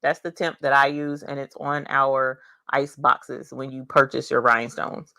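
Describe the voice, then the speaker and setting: A woman's voice: very deep voice, unhurried, no echo. A woman hosting a casual livestream from her home craft studio. She chats in a rambling way, greets viewers, reads out their comments and laughs often. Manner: animated, with bursts of laughter and cheering.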